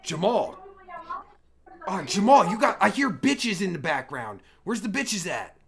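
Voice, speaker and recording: A crude, foul-mouthed male streamer with a gravelly, fry-laden voice. His pitch swings widely as he mocks and rambles through a livestream commentary. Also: sing-song, a little slow, fairly bright tone, a little hiss or hum. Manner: crude, profane, rambling and mocking. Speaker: livestream host.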